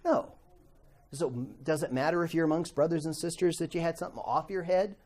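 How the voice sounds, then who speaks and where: A man's voice: on the high side, steady tone, quick pace, a little mellow. Conversational middle-aged man teaching Bible class. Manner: conversational, asks the class questions, acts out quoted voices.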